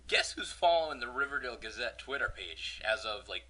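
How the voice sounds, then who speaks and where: A man's voice: mid-range voice, lively intonation, fairly quick, sharp tone. A man hosting a casual podcast, joking and venting about a minor pet peeve. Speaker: podcast host.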